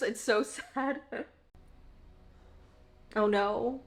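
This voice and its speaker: A woman's voice: medium pitch, steady tone, takes it slowly, pauses often, bright, forceful tone. A woman casually reacting to a TV episode, chatty and emotional, with lots of filler words. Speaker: TV show reaction host.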